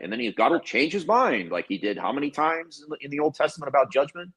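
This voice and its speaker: A man co-hosting a podcast in casual discussion, reading scripture aloud and mocking it with sarcastic, animated remarks. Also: mid-range voice, fast talker, hardly any pauses, husky, poor audio. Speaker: podcast co-host.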